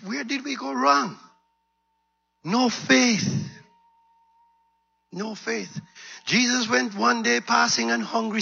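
A high-pitched male preacher delivers a fiery sermon, his voice husky and gravelly. He calls out to the congregation and veers between shouting and quiet asides. The recording sounds dull and lo-fi. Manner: animated, swinging from loud shouts to low murmurs.

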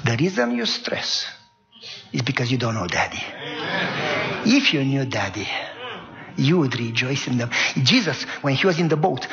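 A man's voice: fairly high pitch, background noise. A middle-aged man preaching a sermon, telling a story and acting out the voices of the people in it. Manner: animated storytelling, acts out voices. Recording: dull, hall-like reverb.

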